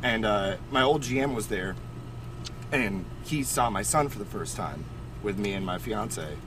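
Animated young man telling stories. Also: on the low side, unhurried, noisy background. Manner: animated storyteller, swears freely. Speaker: podcast co-host. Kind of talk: casual chat.

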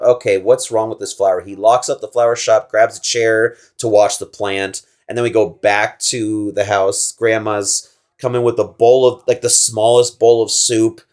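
A man co-hosting a podcast, casually retelling a film's plot, laughing often and slipping into silly voices for the characters' lines. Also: mid-range voice. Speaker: podcast co-host. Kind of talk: casual movie recap chat.

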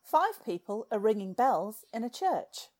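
A woman's voice: fairly high pitch, sing-song, a little slow, darkish tone, soft background music. A woman co-hosting a comedy podcast, teasing dryly and reading out stage directions. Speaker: podcast co-host.

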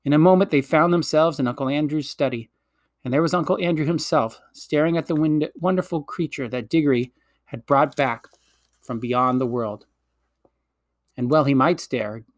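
A man narrating a children's fantasy story in a gentle, measured storytelling manner. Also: fairly high pitch, no room sound, clean studio sound. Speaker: audiobook reader.

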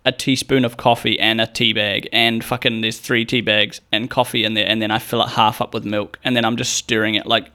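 He's a young man with a fairly low voice who talks quickly and barely pauses. His storytelling wanders casually, full of profanity, and he performs the quoted speakers with animated voices.

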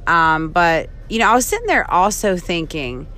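A woman's voice: lowish voice, sing-song, moderate pace, hardly any pauses, pushed and bright. A woman co-hosting a casual talk show, playful and rambling, joking about home life. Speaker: podcast co-host. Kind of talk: casual chat, mock teacher play.

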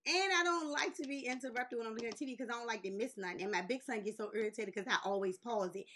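A woman in her forties telling a long story in casual chat, animated and swearing, laughing as she goes and jumping high when she quotes people. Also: fast. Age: 40s. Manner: jumps high in pitch when quoting people. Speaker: podcast host.

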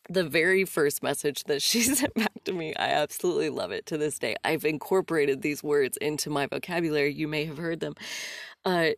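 A young woman hosts a solo podcast in a casual, confessional way, animated, quick to laugh and unafraid to swear. Her voice sits low with a gravelly fry. The sound is close and dry, with no room around it. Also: no room sound. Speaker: podcast host.

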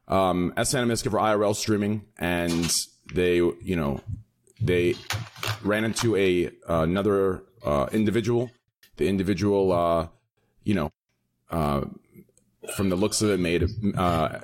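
A man hosting a casual podcast chat, excitable and quick to laugh, repeating himself. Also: low-pitched. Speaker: podcast host.

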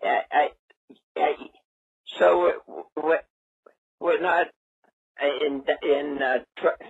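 A man's voice: on the high side, steady tone, extremely slow, vocal fry, breathy edge. An older man taking a phone call, hesitant and rambling, repeating words and asking the caller to speak up on a muffled line. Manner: hard of hearing, asks to speak louder. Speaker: prank call target. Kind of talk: confused phone conversation.

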